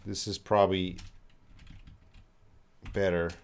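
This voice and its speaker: A Canadian man runs a live-stream English lesson, answering chat questions and correcting sentences. His voice sits fairly low, and he talks at an unhurried, very slow pace. He explains patiently in simple words. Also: flat delivery, a little hiss or hum. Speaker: English teacher.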